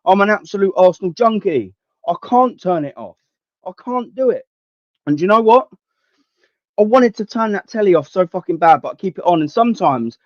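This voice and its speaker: Sweary high-voiced man ranting. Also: no room sound. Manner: blunt, sweary, slangy and heated. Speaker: livestream host. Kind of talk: ranting livestream chat with viewers. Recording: dull, dry lo-fi stream audio.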